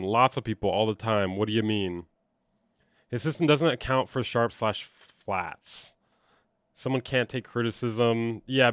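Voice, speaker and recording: A man's voice: medium pitch, dry recording, studio quality. A young man doing casual livestream commentary as a music producer, blunt and sarcastic, swearing freely as he reacts. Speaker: music producer streamer reacting to online drama.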